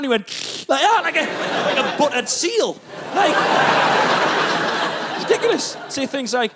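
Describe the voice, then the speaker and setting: Ranting comic in his 30s, fairly high voice, noisy live room. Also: very animated, moderate pace, pauses often. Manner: exasperated, ranting. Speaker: stand-up comedian. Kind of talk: stand-up comedy set.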